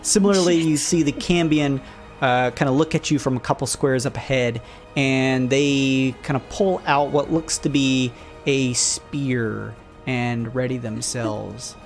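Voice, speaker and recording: A man runs a tabletop game from behind the screen, describing scenes and rules in a casual, meandering flow full of little fillers. His voice sits at an ordinary middle pitch. Soft music plays quietly under him. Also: measured pace. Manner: relaxed, rambling with many fillers. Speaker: game master.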